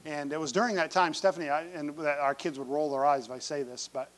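A middle-aged man preaching a sermon, telling a family story with folksy humor and building to loud, emphatic pleading. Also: on the high side, steady tone, fast talker. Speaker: pastor.

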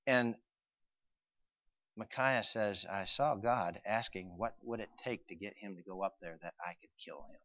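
A male preacher reading scripture aloud and explaining it, swinging from quiet explanation to loud, urgent pleading. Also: on the low side, a little slow, dry recording, lo-fi sound. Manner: reads old-fashioned scripture aloud with emphasis. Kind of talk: sermon reading and expounding scripture.

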